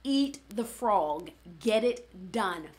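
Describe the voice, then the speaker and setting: A woman's voice: medium pitch, animated, extremely slow. A woman who works as a fitness coach, giving a conversational motivational talk and often checking in with "right?". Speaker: fitness coach and former studio owner.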